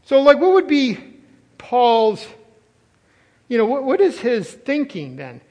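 Brief: older male pastor, high voice, emphatic sermon delivery, drawn-out stressed words, loud-soft swings. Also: huge pitch swings, gravelly, long reverb tail, muffled recording.

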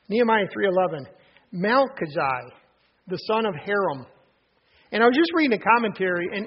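A man preaching a sermon, earnest and emphatic, with restarts and pauses. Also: sits high, breathy edge, muffled recording. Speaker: pastor.

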